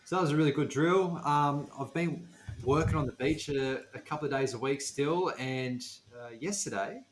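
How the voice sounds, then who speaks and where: A man's voice: on the high side, moderate pace, slight background noise. A man co-hosting a podcast, telling work stories in a plain, matter-of-fact way and cracking dad jokes. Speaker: podcast co-host. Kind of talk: casual chat. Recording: roomy echo.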